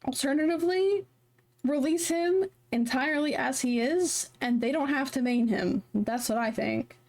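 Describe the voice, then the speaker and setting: A woman's voice: high voice, moderate pace, darkish tone. A woman streamer in casual live-stream chat, rambling with lots of fillers and restarts, heated and passionate.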